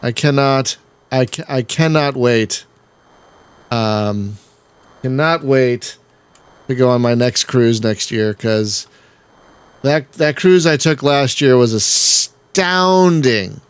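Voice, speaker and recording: A man's voice: medium pitch, takes it slowly, clear, resonant tone. Chatty man narrating his gameplay. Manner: chatty, rambling, laughs often, exasperated outbursts. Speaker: gaming channel host. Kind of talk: casual let's-play commentary.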